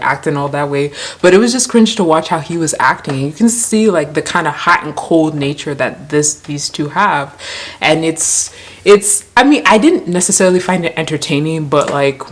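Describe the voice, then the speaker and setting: Brief: woman reviewer with a low voice, chatty and slangy, full of "like". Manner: chatty, slangy, lots of "like" fillers. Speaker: YouTube show reviewer. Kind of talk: casual commentary.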